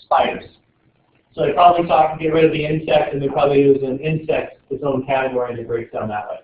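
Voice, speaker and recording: A man's voice: fairly high pitch, quick pace. Man lecturing in an echoey classroom. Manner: joking, rambling, animated. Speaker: biology teacher. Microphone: far camera. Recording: distant, echoey, tinny classroom camera audio.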